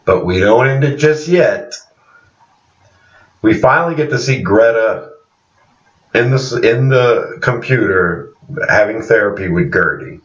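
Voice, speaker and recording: A man's voice: fairly low pitch, expressive, unhurried, pauses often. A man casually recapping a TV series scene by scene, chuckling as he acts out the characters' lines. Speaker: TV series reviewer. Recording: roomy, distant, dull recording.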